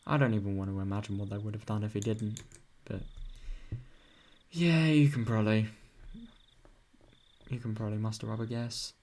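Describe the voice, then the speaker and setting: A man's voice: lowish voice, steady tone, moderate pace, pauses often, a little mellow. A young British man reading a visual novel aloud, breaking off to chat and swear about the story. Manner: chatty, swears often, reacts with sudden bursts. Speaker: video novel reader.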